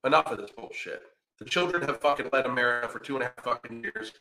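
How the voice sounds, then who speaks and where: A man's voice: medium pitch, fast talker, pushed and bright, echoey room. A man hosting a podcast, ranting in reaction commentary with a profane, combative and sarcastic manner. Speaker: podcast host.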